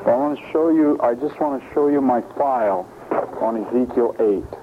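A man's voice: medium pitch, normal speed. Guy teaching a bible study, emphatic, quizzes the room, tinny phone-ish recording with some hiss. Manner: emphatic, asks the audience questions. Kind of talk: sermon-style Bible study.

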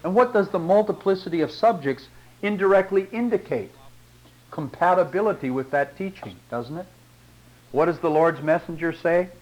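A man's voice: on the high side, low-quality recording. A middle-aged man preaching a sermon, reading long quotations aloud and commenting on them with rhetorical tag questions.

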